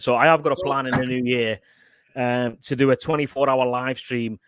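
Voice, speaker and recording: Halting, rambling co-host, dry close sound. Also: male voice, mid-range voice, a bit bright, no room sound. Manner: rambling, halting, with many restarts. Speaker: live stream co-host. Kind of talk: casual banter on a live stream.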